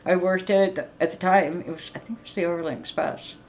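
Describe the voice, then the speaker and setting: A woman's voice: lowish voice, steady tone, fast talker, a little mellow, a little hiss or hum. A middle-aged woman livestreaming a casual, rambling rant, blunt and full of swearing. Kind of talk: casual venting monologue.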